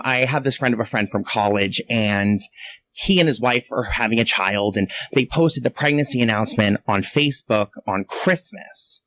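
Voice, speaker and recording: A man doing a chatty stand-up set on a club stage, self-mocking and quick to jump into shrill voices for the people he quotes. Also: a bit bright, no echo. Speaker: stand-up comedian.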